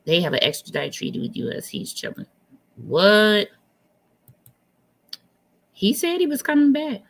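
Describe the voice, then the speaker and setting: A woman co-hosting a casual live-stream chat, animated and incredulous, repeating phrases for emphasis. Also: mid-range voice, unhurried, gravelly.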